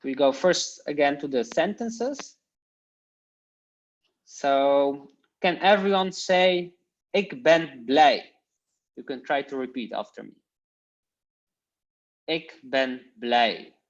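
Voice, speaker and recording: A man teaching an informal language lesson, slowly repeating phrases for learners with casual fillers. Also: mid-range voice, expressive, dull audio.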